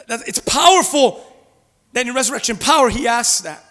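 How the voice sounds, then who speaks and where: A man preaching an Easter sermon as a pastor, dropping to hushed low passages and rising to loud urgent ones. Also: lively intonation, normal speed. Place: church. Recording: hall reverb.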